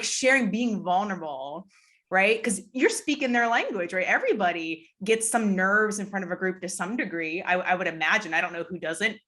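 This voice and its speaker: A woman hosting an interview over a video call, with a mid-pitched voice. She talks casually, affirming her guest and laughing along easily. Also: a bit bright. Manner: affirming, quick to laugh and agree. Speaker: interview host.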